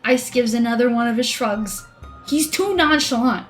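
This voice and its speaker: Young woman streamer, fairly high voice, lively joking reactions, faint music underneath. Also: normal speed. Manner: animated, joking, shouts reactions. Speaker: streamer reading a visual novel. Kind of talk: live-streamed game reading with reactions.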